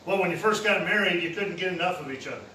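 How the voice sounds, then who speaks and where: A man's voice: sits high, quick pace, pushed and bright. A man preaching a sermon in a plain-spoken, casual way, using everyday slang. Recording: roomy echo, heard from a distance with faint noise.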